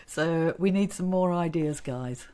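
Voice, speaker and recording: A woman's voice: sits low, measured pace, warm tone. A chatty woman co-hosting a podcast, laughing easily and talking over her co-host in casual chat.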